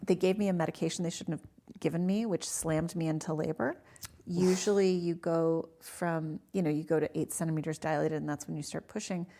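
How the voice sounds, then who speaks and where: A woman in her forties telling her own story in a casual podcast interview, animated and acting out the people she quotes. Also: low-pitched, brisk. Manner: animated, acts out voices in her stories. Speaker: guest.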